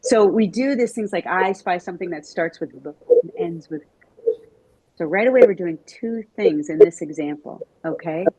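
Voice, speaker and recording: A middle-aged woman giving a lively conference talk to educators, chatting with the audience and asking them questions. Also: lowish voice, moderate pace, husky, dry recording, rough recording. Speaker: Montessori teacher trainer giving a talk.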